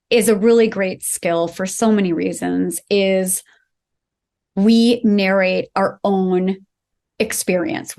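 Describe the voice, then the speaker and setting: A woman's voice: fairly high pitch, a little mellow. A woman, a psychologist guest, explaining emotional skills in a conversational way and acting out example phrases. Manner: earnest, acts out example phrases to a child.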